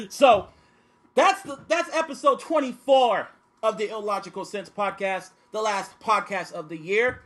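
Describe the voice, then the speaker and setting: A man hosting a podcast in casual chat, telling stories in an animated, profane way. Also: sits high, unhurried. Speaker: podcast host.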